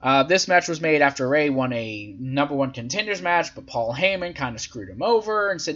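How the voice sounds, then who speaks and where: A man's voice: mid-range voice, a little fast, few pauses, lo-fi sound. A man hosting a podcast who recaps wrestling matches in a casual, profane and sarcastic way, acting out what the wrestlers said. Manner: profane, sarcastic, animated, acts out quotes in silly voices. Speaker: podcast host reviewing wrestling events.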